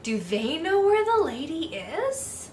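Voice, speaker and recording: Woman doing a small worried lost dog, high and pleading. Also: big pitch swings, slow pace, a little mellow, echoey room, a little hiss or hum, exaggerated voice. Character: small gentle lost male dog, anxious.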